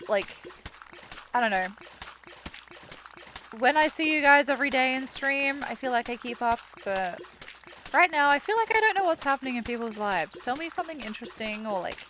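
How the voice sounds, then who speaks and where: A woman's voice: fairly high pitch, a bit bright, a little hiss or hum. A woman streaming a game and chatting casually with her viewers, sometimes cooing in baby talk at her cat. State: worn out. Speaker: live streamer. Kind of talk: casual live-stream chat while gaming.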